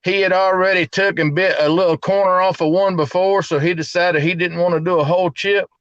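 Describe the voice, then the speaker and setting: A middle-aged man with a drawl chats casually, repeating his words as he goes. His voice sits fairly high for a man. The sound is dry and a little dull, picked up on a phone at a gas station at night. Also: steady tone, fairly quick, fairly bright tone, dry recording. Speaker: live stream guest. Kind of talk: casual chat.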